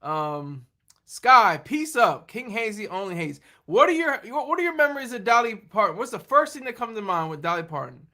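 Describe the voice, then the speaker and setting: A man's voice: high voice, very animated, moderate pace, pushed and bright. A man hosting a livestream, rambling in casual chat, laughing often and poking fun at himself while answering viewers. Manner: rambling, laughing, self-deprecating. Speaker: livestream host.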